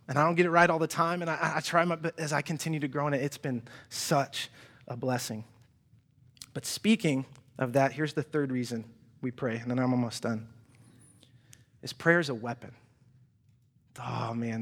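A young man preaching a sermon in a church, animated and chatty, often restarting his sentences and acting out quoted voices. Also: mid-range voice. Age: young adult. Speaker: pastor. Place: church hall.

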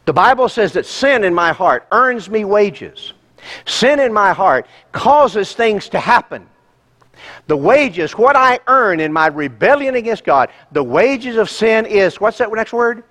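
Lively preaching man, rhetorical questions. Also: high-pitched, measured pace. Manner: emphatic, rhetorical questions to the congregation. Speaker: pastor. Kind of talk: sermon.

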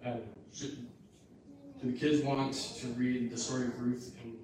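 Casual pastor in an echoey church. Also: male voice, medium pitch, level tone, a little slow, noisy background. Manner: informal, restarting asides. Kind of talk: sermon. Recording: echoey hall from far off.

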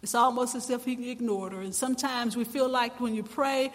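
High-voiced impassioned man preaching. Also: fairly quick. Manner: impassioned preaching, rising to shouts. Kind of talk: sermon. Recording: long reverb in a large hall.

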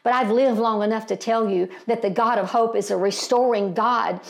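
A woman's voice: a little high, steady tone, normal speed, creaky. An older woman preaching a sermon, impassioned and folksy, rising to emphatic peaks and calling her listeners beloved and family.

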